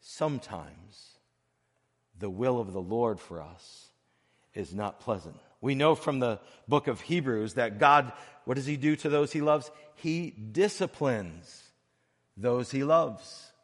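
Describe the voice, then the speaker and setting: A male pastor delivers an earnest sermon at a mid-range pitch, pausing between phrases and dropping to near-quiet before rising again. His voice rings with the long reverb of a church sanctuary. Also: lively intonation. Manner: earnest, with phrases broken by pauses and swings between soft and loud.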